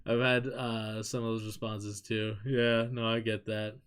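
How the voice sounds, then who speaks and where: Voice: medium pitch, little pitch movement, unhurried, clean tone. An adult with an American accent chatting casually on a live stream, candid and rambling, swearing freely and laughing often while reading chat.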